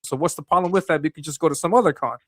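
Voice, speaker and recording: Calm male co-host reading chat. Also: a little high, no room sound, studio quality. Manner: measured, reading messages aloud with fillers. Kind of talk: casual livestream talk.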